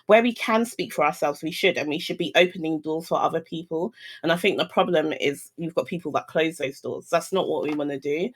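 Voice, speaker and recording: A woman talking candidly as a guest in a casual chat, telling stories and acting out quotes. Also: on the low side. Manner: candid, animated storytelling with acted-out quotes.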